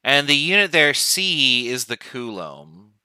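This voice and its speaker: A male chemistry professor lecturing remotely in a casual, chatty manner. His voice is very bright and crisp, and the sound is dry, with little room around it. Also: mid-range voice, takes it slowly, dry recording, low-quality recording. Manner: relaxed, informal explaining with asides.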